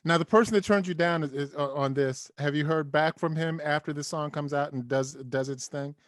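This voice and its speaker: A man's voice: fairly high pitch, a little fast, no echo. Man host with a dry close sound. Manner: frequent "mm-hmm" backchannels, enthusiastic reactions. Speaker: podcast host. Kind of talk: casual interview conversation.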